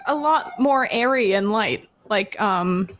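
A woman co-hosting a podcast in casual chat, relaxed and giving short, agreeing replies. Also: mid-range voice, slow. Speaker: podcast co-host, musician.

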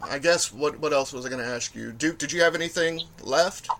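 Relaxed male podcast host from the South, rambling, laughing between thoughts. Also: on the high side, a little fast, slight background noise. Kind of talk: casual podcast chat.

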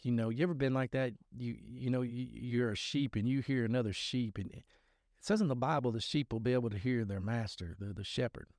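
A man's voice: mid-range voice, brisk, a little mellow, dry recording, clean studio sound. Rambling, earnest man on a podcast. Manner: rambling, earnest, many restarts. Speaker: podcast host. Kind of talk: casual faith podcast talk.

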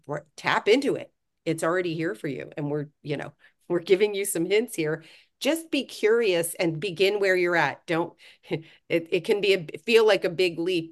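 Woman podcast co-host, low voice, frank and earnest, casual swearing. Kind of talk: casual self-help podcast chat.

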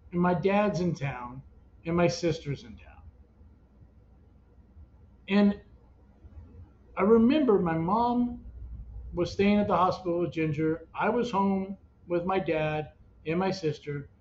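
A man's voice: fairly high pitch, darkish tone. Earnest man retelling a family crisis. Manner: earnest, emotional retelling with restarts. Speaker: parent of a child with cancer. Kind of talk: personal storytelling podcast. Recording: dull lo-fi audio with faint hiss.

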